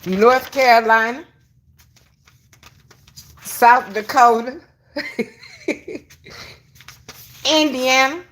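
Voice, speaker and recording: A woman chats on a casual livestream, speaking to her audience directly. Her voice sits high and sounds bright. She takes her time and keeps breaking into laughter. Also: drawn-out words, pauses often. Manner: addresses viewers as y'all. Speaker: online commentator.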